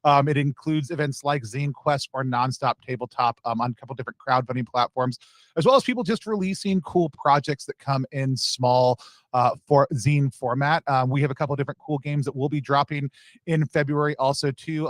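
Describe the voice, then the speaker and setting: A man's voice: mid-range voice, no room sound. A man co-hosting a casual stream, rambling with many fillers and restarts. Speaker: stream co-host. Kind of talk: casual chat.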